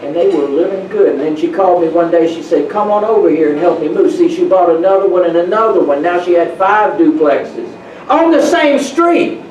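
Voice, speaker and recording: Man, high voice, animated storyteller at a meetup, recorded from a distance in a roomy hall with faint background noise. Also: a little fast, muffled recording. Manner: storytelling, animated, laughs at own stories. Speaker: real estate speaker. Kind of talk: motivational talk to an audience. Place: meeting room.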